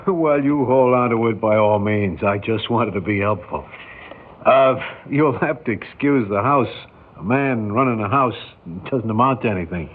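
In a tinny old radio broadcast, a man in his forties speaks with a fairly low, natural voice at a moderate pace. He's acting in a 1950s radio drama as a shy, kindly bachelor who runs a filling station, talking hesitantly and stammering.

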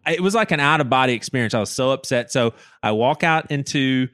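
A man of middle pitch tells a personal story on a casual podcast. He is animated, repeats and restarts his words, and acts out what people said. His voice is recorded close and dry, with no room sound. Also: quick pace, smooth, no room sound.

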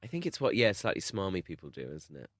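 A man's voice: fast talker, dry recording, clean studio sound. A man co-hosting a podcast in casual chat, telling stories with big swings in his voice. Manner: animated storytelling with big pitch swings. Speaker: podcast co-host.

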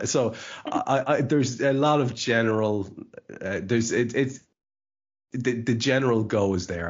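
A man's voice: medium pitch, breathy edge, dull audio. A man hosting a casual podcast chat, rambling and often restarting his words. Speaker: podcast host.

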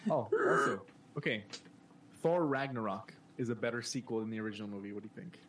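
A man's voice: medium pitch, animated, quick pace, crowd noise. A man co-hosting a casual podcast over a call, rambling with fillers and laughing between remarks. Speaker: podcast co-host. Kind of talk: casual chat. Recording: distant mic with clear keyboard noise.

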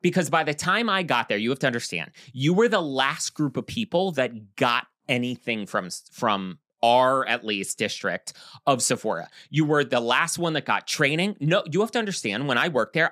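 A man co-hosting a casual chat, talking in an animated, gossipy way and jumping in often. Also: mid-range voice, no echo, studio quality. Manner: animated, gossipy, quick to jump in. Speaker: podcast co-host.

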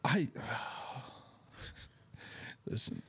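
A man hosting a casual podcast chat, animated and laughing often, with quick asides. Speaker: podcast host.

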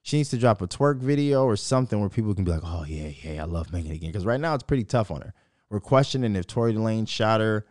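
Profane rambling podcast host, low dry voice. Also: male voice, fast talker, a little mellow, no room sound. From Minnesota. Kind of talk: casual solo podcast rant.

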